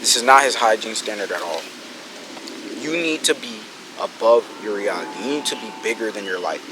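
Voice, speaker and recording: A man in his twenties giving a casual, energetic motivational talk about business, swearing freely and acting out his friends' words. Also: on the low side, brisk, noisy background. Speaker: business coach vlogger.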